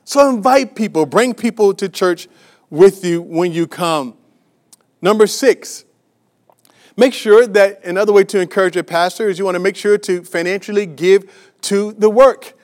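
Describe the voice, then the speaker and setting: A man's voice: high-pitched, moderate pace. A man preaching a sermon as a pastor, emphatic and repetitive, with many restarts and fillers, asking the congregation rhetorical questions.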